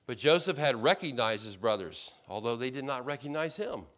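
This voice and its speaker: A man's voice: mid-range voice, expressive, moderate pace, fairly bright tone. A man preaching an expository sermon as pastor, earnest and emphatic, repeating key points and often restarting mid-phrase.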